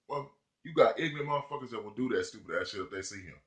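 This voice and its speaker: A man's voice: lowish voice, animated, racing, lo-fi sound. A man ranting in heated, profane commentary, talking to his viewers. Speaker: vlogger. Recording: echoey room.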